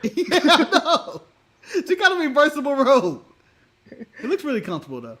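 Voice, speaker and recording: A man's voice: very high-pitched, wildly swooping pitch, moderate pace, pushed and bright. An American man co-hosting a casual wrestling review chat, blunt and often laughing as he talks. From United States. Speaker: co-host.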